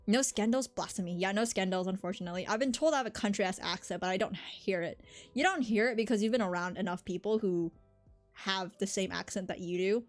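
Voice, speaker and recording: Chatty woman with a slight Southern accent. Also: mid-range voice. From Southern United States. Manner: rambling, chatty, answers chat. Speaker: streamer. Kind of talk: casual live-stream chat.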